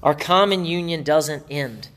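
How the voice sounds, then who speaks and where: Animated, conversational male preacher. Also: on the high side, measured pace. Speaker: pastor. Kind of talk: sermon.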